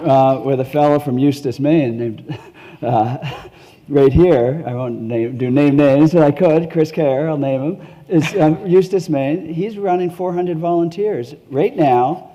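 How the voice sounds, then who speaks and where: A man's voice: fairly high pitch, unhurried, lo-fi sound. A middle-aged man speaking on a conference panel in a hotel ballroom, telling stories with chuckles. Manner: animated storytelling with chuckles.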